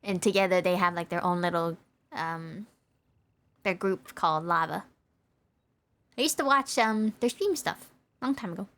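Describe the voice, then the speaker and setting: A woman's voice: on the low side, normal speed, pauses often, fairly bright tone. A young woman streamer giving playful, rambling commentary as she plays a game, often breaking into giggles. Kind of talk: casual gaming commentary.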